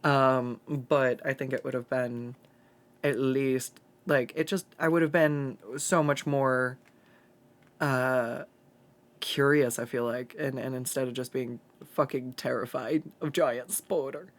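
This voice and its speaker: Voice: mid-range voice, steady tone, slow pace. A streamer from the Pacific Northwest chatting casually while drawing and reading chat aloud, swearing freely and laughing often.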